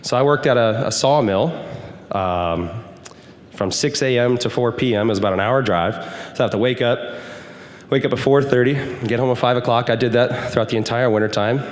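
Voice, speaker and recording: A man's voice: mid-range voice, a little fast. A young man giving an earnest, emphatic testimony sermon to a youth group as a guest speaker. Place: church hall. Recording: hall reverb.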